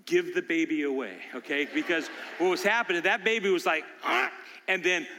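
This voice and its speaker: An older man preaching from the pulpit, telling stories that swell into loud, animated bursts. His voice is bright and sits fairly high. The long reverb of a church hall trails behind his words. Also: a little fast, a little hiss or hum. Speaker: pastor. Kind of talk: sermon. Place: church sanctuary.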